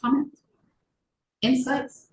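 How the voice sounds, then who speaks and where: A woman from the United States, a yoga teacher, leading a relaxed and chatty class on a video call and asking the group questions. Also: slow. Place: room on a video call meeting. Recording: echoey room, faint background hiss.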